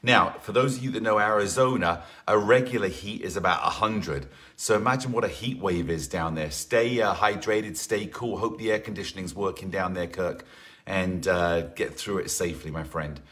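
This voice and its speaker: A man's voice: sits low, moderate pace, a bit bright. A man leading a live online workout class as fitness instructor, chatty and encouraging, greeting viewers by name between rambling asides.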